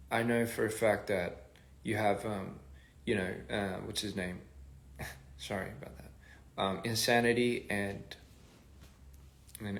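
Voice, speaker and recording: Soft-spoken man with a gravelly low voice. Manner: rambling, trails off, soft-spoken asides. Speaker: livestream host reading fan comments. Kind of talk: casual livestream chat. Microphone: phone.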